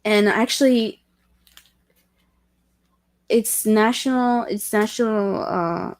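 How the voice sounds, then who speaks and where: A woman hosting a casual livestream chat with viewers, talking in a halting way with many restarts and self-corrections, candid and self-deprecating. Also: medium pitch, no room sound. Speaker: livestream host chatting with viewers.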